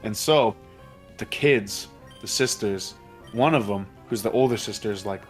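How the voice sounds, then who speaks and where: A man with a fairly low voice talks his friends through a long, loose recap, piling clause on clause and swearing casually. Faint game music runs underneath. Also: a little slow. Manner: rambling, profane plot recaps. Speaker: let's play commentator.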